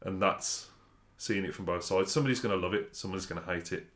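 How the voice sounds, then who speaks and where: A man with a lowish voice chats with friends on a podcast. He tells rambling anecdotes in a dry tone and swears casually. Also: quick pace, fairly bright tone. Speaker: podcast co-host. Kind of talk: casual chat.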